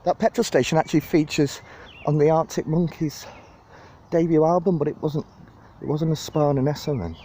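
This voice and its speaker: A young vlogger from Widnes, England, rambles and jokes through a casual walking tour of a city park in his Liverpool-area accent, chatty and full of life. His voice is a little high and brisk. The rough recording comes from a handheld phone camera outdoors, with obvious wind and park noise.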